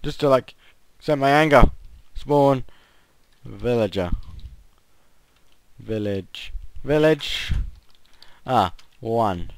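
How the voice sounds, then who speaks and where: Slow, smooth-voiced frustrated gamer man. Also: medium pitch, lively intonation, dry recording. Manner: frustrated, yelps and groans at failed jumps. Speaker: gaming channel host. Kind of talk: casual gameplay commentary.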